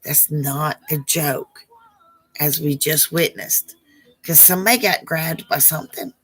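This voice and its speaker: This woman's voice sits low and is husky with a fairly bright tone, and she speaks a little slowly. She runs a live psychic Q&A stream, chatting warmly with viewers, calling them "baby" and having trouble getting their names right.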